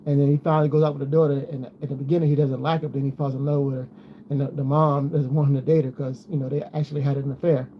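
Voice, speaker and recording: A man's voice: medium pitch, flat delivery, very fast. Rambling man in a lo-fi home vlog. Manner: rambling, repeats himself, talks to viewers. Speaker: vlogger. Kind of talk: casual chat. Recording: dull lo-fi sound with faint noise.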